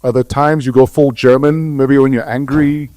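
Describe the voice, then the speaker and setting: Host role: South African-born man, lively interviewer, mellow tone, dry studio sound. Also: mid-range voice, moderate pace, no room sound. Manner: lively, playful introductions. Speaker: podcast host. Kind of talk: upbeat interview hosting.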